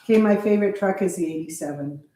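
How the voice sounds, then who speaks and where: A woman's voice: on the low side, quick pace, mellow. A woman co-hosting a live car stream who reads viewer comments aloud in a dry, matter-of-fact way. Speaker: co-host reading viewer comments. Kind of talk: casual live chat. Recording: roomy, distant mic with faint hiss.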